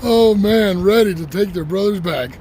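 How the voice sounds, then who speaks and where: A man live-streaming as he walks a city street, talking loudly and excitably, laughing and swearing often. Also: high-pitched, moderate pace. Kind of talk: casual live-stream vlog. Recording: noisy street with passing traffic. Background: traffic noise.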